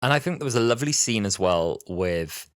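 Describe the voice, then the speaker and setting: Low-voiced British man in his twenties. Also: a little fast, dry recording, clean studio sound. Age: 20s. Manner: animated, acts out scenes in mimicked voices. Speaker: podcast co-host. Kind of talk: casual chat.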